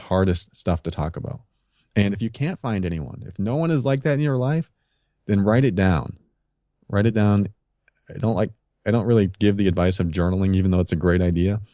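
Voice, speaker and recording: Earnest middle-aged man, low mellow voice. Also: no room sound, clean studio sound. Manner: earnest, confessional, advice-giving. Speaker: podcast guest. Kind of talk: candid personal storytelling. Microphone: podcast microphone.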